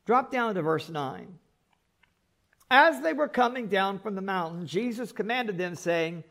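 High voiced pastor guy preaching, animated, lots of restarts and little jokes. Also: measured pace, gravelly. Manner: animated, repeats words, joking asides. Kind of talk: sermon.

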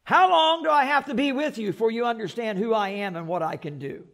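Guy preaching, doing a fed-up scolding teacher, high voice, loud and fast. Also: huge pitch swings, full character voice. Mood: exasperated. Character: exasperated male teacher scolding his followers.

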